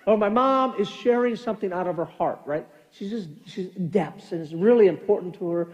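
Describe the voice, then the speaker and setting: A middle-aged man preaching a sermon as pastor, telling animated family stories and acting out quoted lines. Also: sits high, moderate pace, lo-fi sound. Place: church sanctuary. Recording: long church hall reverb.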